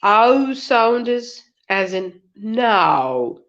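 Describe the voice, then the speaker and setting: A woman teaching pronunciation in an online webinar, repeating each example word in slow drills. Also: a little high, very animated, a bit bright, muffled recording.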